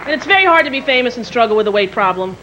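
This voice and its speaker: A woman's voice: fairly high pitch, animated, rapid-fire, highs cut off. A woman performing stand-up comedy in a brash, profane, self-mocking way before a live audience. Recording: live stage with crowd laughter and noise.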